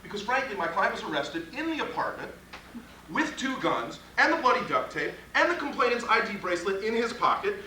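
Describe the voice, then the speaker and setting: A man's voice: high voice, sing-song, fairly quick, pushed and bright, slight background noise. A man teaching trial lawyers in a live workshop, blunt and profane, firing off rhetorical questions. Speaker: criminal defense trial instructor. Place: training room with audience. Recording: echoey room from a distance.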